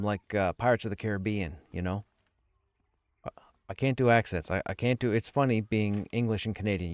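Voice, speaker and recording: Recorded with clean studio sound and no echo, a man with a fairly low voice chats with viewers during a gaming live stream. His manner is chatty and joking, often self-deprecating.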